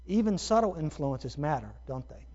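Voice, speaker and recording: Pastor from Ohio, muffled sermon. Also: male voice, fairly high pitch, sing-song, moderate pace, warm tone. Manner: conversational, rhetorical asides. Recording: dull muffled recording.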